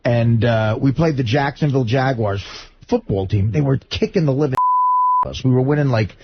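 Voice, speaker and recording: A man's voice: medium pitch, animated, normal speed, lo-fi sound, noisy background. A man, a comedian co-host, telling a rambling anecdote and laughing mid-sentence. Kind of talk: casual chat.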